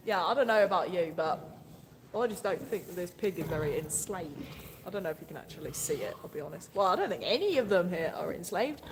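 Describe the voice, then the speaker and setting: A fast-talking woman with a lowish, animated voice livestreams from her farm, holding her phone camera in hand. She chats and laughs with viewers, rambling, and coos fondly at her animals. The audio sounds like a large hall layered with noisy outdoor farm sound.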